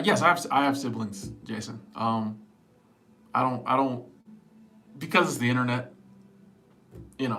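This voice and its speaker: A man in his forties talks to his live-stream viewers in a casual, joking way, leaning hard on his points. His voice sits at an everyday middle pitch, close to a small clip-on mic. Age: 40s. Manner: animated, emphatic, joking. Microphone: small wireless clip-on mic.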